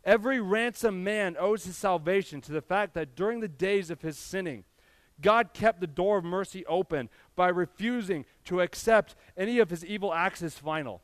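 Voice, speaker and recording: High-voiced man preaching earnestly. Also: normal speed, no echo, clean studio sound. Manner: earnest preaching with rising emphatic builds, addresses the church directly. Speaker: pastor. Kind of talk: sermon.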